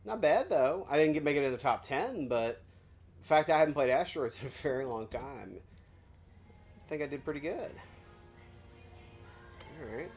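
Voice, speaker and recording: A woman from Virginia commenting on her game as she plays it, in a notably low voice. She thinks aloud and jokes at her own expense in a relaxed, chatty way. Light music plays softly behind her. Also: normal speed, pauses often, breathy edge. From Virginia, USA. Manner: joking, self-deprecating, thinks aloud. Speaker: game streamer. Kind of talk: casual gameplay commentary.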